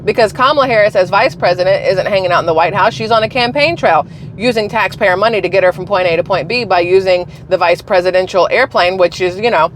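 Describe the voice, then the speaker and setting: A woman talking straight to camera in a loose, conversational commentary. She fires off rhetorical questions and drops sarcastic asides, her pitch sitting in an ordinary middle range. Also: slight background noise. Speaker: political commentary vlogger. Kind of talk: casual opinion commentary.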